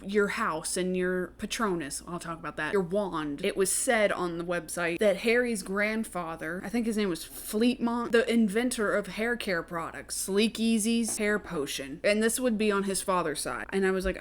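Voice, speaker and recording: A woman's voice: mid-range voice, moderate pace, few pauses. A woman casually recapping a novel, chatty and profane, laughing and slipping into character voices. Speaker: book recap host.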